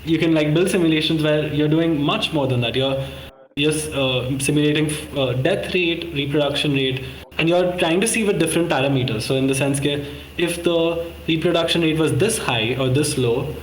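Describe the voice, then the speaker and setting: A man presents a simulation model over a video call, talking loosely with fillers and self-corrections. His voice sits slightly high. The call sounds roomy and echoey, with a faint hiss behind it. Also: normal speed. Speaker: course participant presenting a model. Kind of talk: casual screen-share walkthrough.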